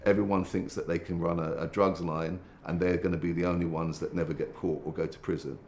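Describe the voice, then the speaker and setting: Earnest deep-voiced male youth worker. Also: little pitch movement, brisk, a little mellow, slight background noise. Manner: earnest, explanatory, some fillers. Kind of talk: documentary interview.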